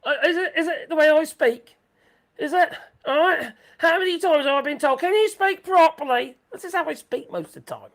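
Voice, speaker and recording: A woman hosting a live stream in rambling chat, excitable, swearing freely and laughing a lot. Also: high voice, brisk.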